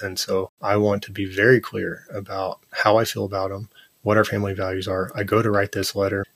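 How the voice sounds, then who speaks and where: A man in his thirties, a podcast guest, telling personal stories in an earnest, animated way with lots of "like" and "you know". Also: on the low side, no echo. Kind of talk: casual interview conversation.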